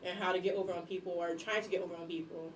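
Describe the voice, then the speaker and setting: A young woman talks fast and bluntly, with lots of energy. She sits back from the microphone in an echoey room. A faint room hum runs underneath. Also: fairly low pitch, recorded from a distance. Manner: blunt, animated, acts out scolding voices. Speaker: guest, substitute teacher and airport worker. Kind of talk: casual podcast chat.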